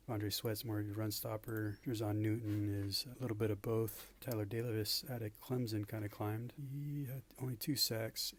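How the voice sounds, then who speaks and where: A man casually walking through football draft statistics, listing numbers in a flat way with frequent fillers. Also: on the low side. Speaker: draft analyst. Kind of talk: casual stats breakdown.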